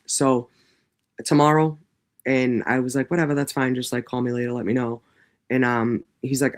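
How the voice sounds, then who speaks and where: A man's voice: mid-range voice, lively intonation, moderate pace, fairly bright tone. Profane rambling livestream host man. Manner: rambling and heavily profane, many fillers. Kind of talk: casual livestream monologue.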